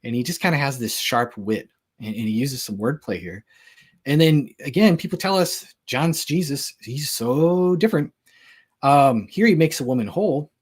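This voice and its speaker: Male speaker, husky edge, relaxed lecture style, chatty and joking, lots of fillers. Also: medium pitch, moderate pace. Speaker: Christian apologetics speaker. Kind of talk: casual lecture.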